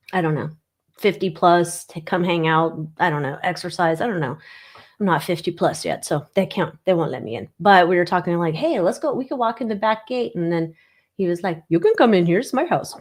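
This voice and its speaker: A woman's voice: on the low side, a little mellow. A woman in her forties hosting a casual livestream chat as a tarot reader, rambling and sarcastic, swearing freely and often trailing off with "I don't know.". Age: 40s. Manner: trails off with frequent 'I don't know'.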